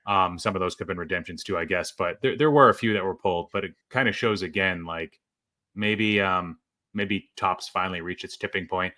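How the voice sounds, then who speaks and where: Man, very low voice, bright edge, casual chat, fillers and restarts. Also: brisk. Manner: conversational, frequent fillers and restarts. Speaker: podcast host.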